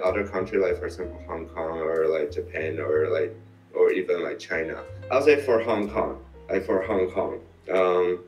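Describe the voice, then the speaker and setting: A man from Taiwan, a guest in a casual interview, talking in a halting way full of fillers and restarts. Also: deep voice, muffled recording. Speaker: interview guest, crypto YouTuber. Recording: roomy echo, mic set far off.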